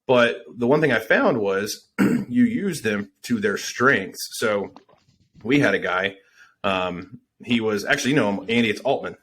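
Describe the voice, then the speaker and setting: A man's voice: on the low side, animated, measured pace, fairly bright tone, a little hiss or hum. A man talking casually on a business podcast, rambling with fillers and swearing.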